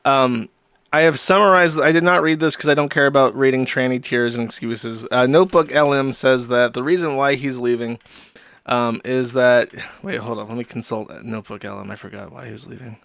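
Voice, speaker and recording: A man's voice: mid-range voice, fairly even intonation, fairly quick, vocal fry, fairly bright tone, dry recording. A man hosting a casual commentary stream, crude and sarcastic, rambling between asides. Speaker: streamer host.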